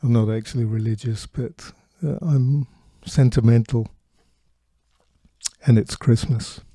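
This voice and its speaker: A man reading sentimental poems aloud in a gentle, unhurried way, then talking casually. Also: medium pitch, fairly even intonation, no room sound, clean studio sound. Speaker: narrator.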